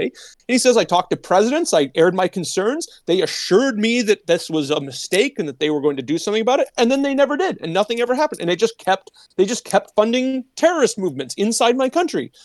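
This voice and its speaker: A man's voice: high voice, very animated, quick pace, no room sound. A man hosting a political commentary show, retelling events in a rambling, casual way, with many restarts and quoted asides.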